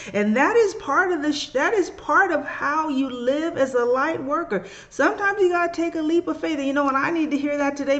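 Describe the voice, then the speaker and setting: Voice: high-pitched, a bit bright, highs cut off. A spiritual reader and podcaster giving a casual, emotional teaching monologue and acting out biblical figures in slangy voices.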